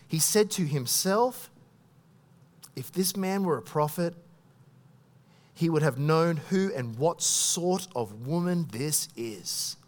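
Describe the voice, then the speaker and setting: A man preaching a sermon, retelling a story with lively voiced thoughts and dropping soft at the moving parts. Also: a little high.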